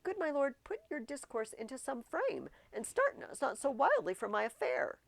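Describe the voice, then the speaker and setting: A woman's voice: high-pitched, wildly swooping pitch, normal speed, vocal fry, no echo, voice pushed up, heavily acted. A woman reading a stiff, formal courtier. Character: male courtier, formal and pressing.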